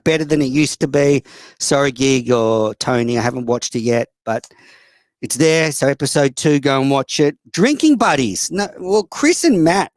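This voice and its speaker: A man's voice: fairly high pitch, dry recording. An Australian man hosting a casual call-in show, blunt, profane and mocking toward callers and other hosts. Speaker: host.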